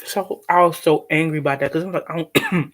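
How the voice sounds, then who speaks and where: Her deep voice moves fairly quickly as she eats and tells live-stream viewers at home a long, indignant tale, rambling casually with plenty of restarts.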